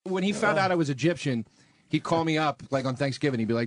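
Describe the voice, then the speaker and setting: A man's voice: medium pitch, fast, no echo. A man casually sharing an amused memory with friends. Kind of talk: casual storytelling among friends.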